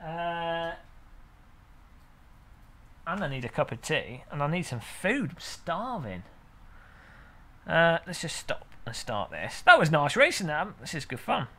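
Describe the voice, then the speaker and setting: A man's voice: fairly high pitch, very animated, a little slow, long pauses, pushed and bright. A man chatting and joking while livestreaming a sim race, reading out viewer names. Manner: chatty, jokey, reads chat aloud. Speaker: sim racing streamer. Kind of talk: live stream commentary while racing.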